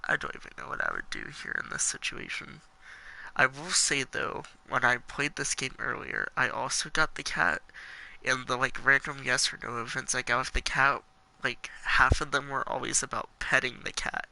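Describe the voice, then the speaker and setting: A man with a gravelly, creaky voice and a very sharp, tense, bright edge to it. He reads game text aloud and chats through his play in a casual, playful way. He drops giggly, jokey asides between the lines. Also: mid-range voice, sing-song, normal speed, rough recording. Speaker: let's play gamer.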